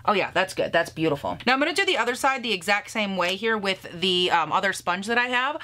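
Woman, 30s, beauty vlogger; bright, punchy tone, casual banter with the odd curse and frequent laughs. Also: mid-range voice, expressive, fast. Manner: bubbly, profane, laughs often, talks to herself. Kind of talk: casual makeup review.

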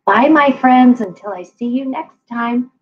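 A woman librarian reading a picture book aloud to young children in an animated, playful way. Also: a little high, unhurried, lo-fi sound, background noise.

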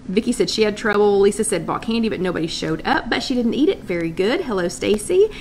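A woman's voice: mid-range voice, expressive, fast talker, slight background noise. A woman hosting a casual live chat from her loft, greeting viewers by name and thinking aloud as she reads comments. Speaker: host of a live wellness chat.

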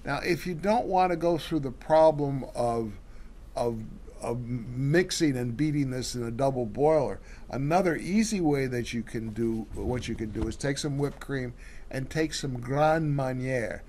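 A man's voice: medium pitch, a little slow, dark tone. A man co-hosting a casual cooking show, walking through recipes step by step with many fillers and restarts.

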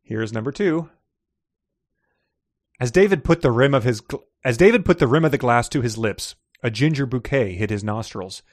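A man of middle pitch reads prose passages aloud for a podcast, slipping into light character voices for the dialogue. The sound is dry and close, with no room around it. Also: expressive, moderate pace, no echo. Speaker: podcast co-host reading excerpts. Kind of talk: casual podcast chat and reading aloud.

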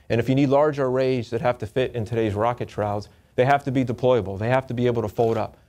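A man giving a technical presentation to an audience, often restarting and repeating words in a halting, upbeat way. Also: medium pitch, darkish tone.

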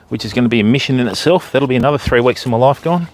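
This medium-pitched Australian voice races along very fast with hardly any pauses, over a noisy background. He's outdoors by a river hosting a fishing livestream, joking, chatting loosely, and greeting his viewers by name.

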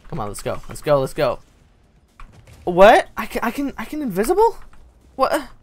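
A gaming channel host giving excitable gameplay commentary, swearing often and yelping at what happens in the game. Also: medium pitch, normal speed. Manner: excitable, swears a lot, yelps and laughs at the game.

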